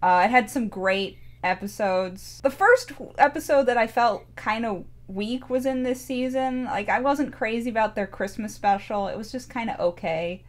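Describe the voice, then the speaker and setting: A woman's voice: a little high, normal speed, hardly any pauses. A young woman talking casually about a cartoon, rambling and gushing with many restarts. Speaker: show reviewer. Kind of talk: casual chat.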